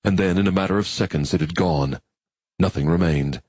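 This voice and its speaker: Low, husky male narrator, measured read, dry close sound. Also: darkish tone, no room sound. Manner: measured, reflective reading. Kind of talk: audiobook narration.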